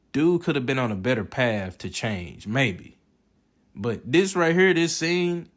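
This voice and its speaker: Give me a man hosting a movie review, joking and cursing with a very expressive voice. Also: medium pitch. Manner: profane, joking, animated reactions. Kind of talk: casual movie review commentary.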